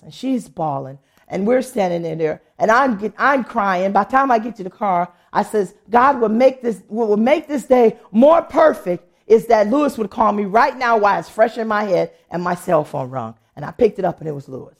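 A woman's voice: mid-range voice, lively intonation, a little fast, gravelly. A woman pastor preaching a sermon, telling a testimony and acting out the voices of people she quotes. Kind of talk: sermon with storytelling.

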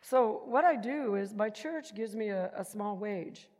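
A woman giving a personal testimony in an animated storytelling manner, acting out the voices she quotes. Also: medium pitch, measured pace. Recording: long hall reverb.

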